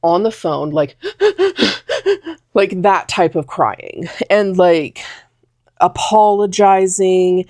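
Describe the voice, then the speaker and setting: A woman's voice: on the low side, steady tone, slow, darkish tone, dry recording. A young woman telling a personal story in a casual talking vlog, rambling with lots of fillers. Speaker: vlogger.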